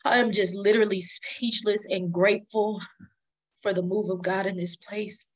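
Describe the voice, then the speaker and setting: A woman's voice: medium pitch, fairly even intonation, moderate pace, breathy edge, low-quality recording. A woman hosting a live online prayer session, speaking fervently and repeating her words of praise.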